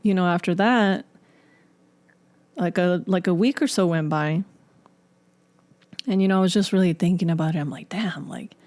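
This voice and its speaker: A woman's voice: on the low side, moderate pace, long pauses, a little mellow, dry recording. A woman telling a personal story in casual podcast talk. She rambles with lots of filler words and curses freely. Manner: profane, rambling, full of fillers. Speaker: podcast guest.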